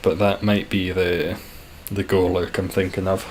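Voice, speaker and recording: A man chatting casually and dryly while live-streaming a game, describing his own voice as monotone. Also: deep voice, unhurried, a little hiss or hum. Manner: dry, self-deprecating, calls his voice monotone.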